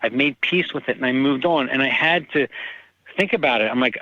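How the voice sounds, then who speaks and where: Animated male author telling stories. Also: mid-range voice, brisk, no room sound, muffled recording. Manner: animated, acts out quoted people. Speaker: author guest. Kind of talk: casual storytelling.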